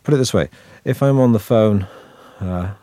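A man with a Manchester accent talks through an interview as a guest actor. His voice sits very low, and he keeps a wry, self-deprecating tone while winding through thoughts with restarts. The sound is dry and close. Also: moderate pace, dark tone, dry recording. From Manchester, northern England. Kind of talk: relaxed interview chat.

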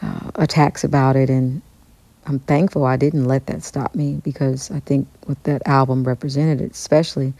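A woman guest telling an animated story in an interview, acting out the dialogue she quotes. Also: rumbling low, normal speed, creaky, dry recording. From United States. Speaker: guest musician.

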